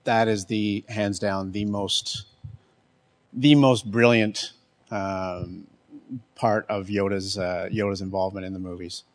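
A man's voice: lowish voice, flat delivery, slow pace. A man giving a casual talk on accessibility, conversational, often restarting and checking in with the listeners. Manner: conversational, restarts, keeps asking "right?". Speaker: speaker on accessibility.

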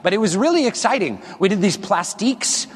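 On the stage of a large hall, a man wearing a body mic gives a rambling, self-deprecating talk and jokes with the crowd. His voice is high, husky, and very animated, moving fairly quickly, and the recording carries the long reverb of the big hall.

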